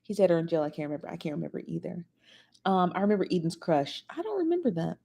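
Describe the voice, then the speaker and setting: A woman's voice: fairly low pitch, fairly even intonation, fast talker, vocal fry, warm tone. A woman, chatting animatedly as a podcast co-host and laughing often. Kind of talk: casual chat.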